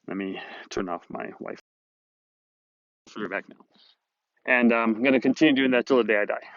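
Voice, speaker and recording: A man of medium pitch and fairly bright tone talks at normal speed, recorded with no echo but dull audio. Addressing the camera in a casual monologue for his Southern California motivational series, he's chatty and upbeat, rambling somewhat as he retells a conversation.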